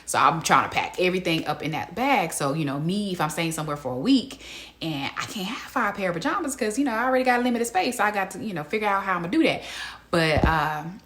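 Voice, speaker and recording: A woman gives a casual reality TV recap, animated and incredulous and laughing often as she talks to her viewers. Her voice sits a little low but sounds bright and sharp. The room around her is echoey. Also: fast talker. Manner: laughs often mid-sentence.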